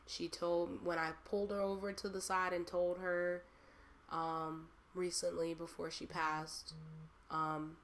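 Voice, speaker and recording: A woman's voice: lowish voice, slight background noise. A young woman hosting a personal monologue, heartfelt and rambling with many fillers. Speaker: host.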